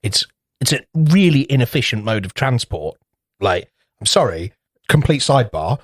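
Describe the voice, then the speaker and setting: A man's voice: medium pitch, sing-song, normal speed, no room sound, studio quality. A man co-hosting a podcast in casual chat, rambling through anecdotes, swearing freely and acting out little voices. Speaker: podcast co-host.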